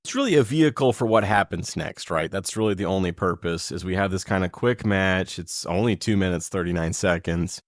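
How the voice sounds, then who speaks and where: A man co-hosting a casual podcast, excitable and joking, swearing freely. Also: low voice, a little fast, few pauses, no echo, clean studio sound. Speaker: podcast co-host. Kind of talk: casual chat.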